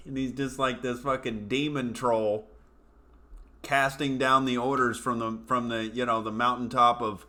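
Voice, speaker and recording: A male comedian hosts a ranting commentary show, scornful and profane, with a lot of "you know" fillers. His voice is bright and sharp at a mid pitch. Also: steady tone, moderate pace. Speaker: comedian host.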